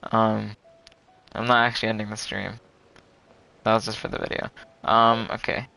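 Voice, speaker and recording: Young man, game streamer, casual live commentary, bright clear voice, faint game music behind. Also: lowish voice, little pitch movement, moderate pace, poor audio. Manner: chatty, groans and complains loudly at bad luck.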